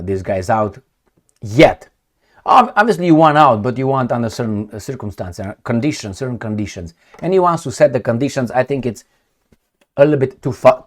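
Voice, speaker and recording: A man giving casual, blunt and sarcastic political commentary, reading headlines and mocking them. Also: mid-range voice.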